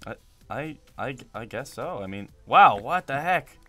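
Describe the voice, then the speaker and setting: Brief: young guy, mid-pitched but very lively, dry mumbled humor, game music audible behind. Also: measured pace. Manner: deadpan, mumbly jokes, often trails off quietly. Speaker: gaming YouTuber, host. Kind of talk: casual gameplay banter.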